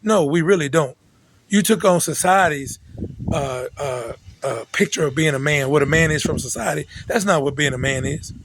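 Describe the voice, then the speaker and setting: Emphatic preachy man, high-ish voice. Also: moderate pace, fairly bright tone, slight background noise, poor audio. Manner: repetitive, emphatic, with frequent restarts. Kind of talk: preachy direct-address monologue.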